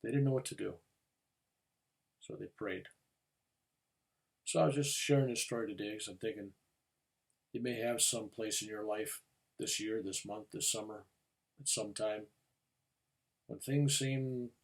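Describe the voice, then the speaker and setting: Older man, reverend, personal testimony, gravelly voice, earnest storytelling, rising urgency. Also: on the low side, steady tone, unhurried, long pauses.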